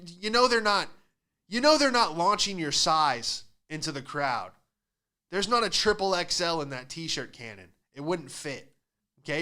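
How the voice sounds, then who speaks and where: A man's voice: fairly high pitch, bright, forceful tone. A young man hosting a podcast, telling stand-up-style stories in a sarcastic, ranting way and acting out other people's voices. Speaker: podcast host and stand-up comic. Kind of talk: casual comedic monologue.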